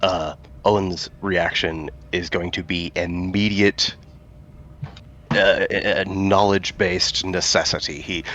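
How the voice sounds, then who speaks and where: A man's voice: sits low, steady tone, a little slow, a bit bright, muffled recording, a little hiss or hum. A man with a Texan accent, casually playing a tabletop game and laughing at himself. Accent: Southern US, Texan. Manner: casual, self-mocking, laughs easily. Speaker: player.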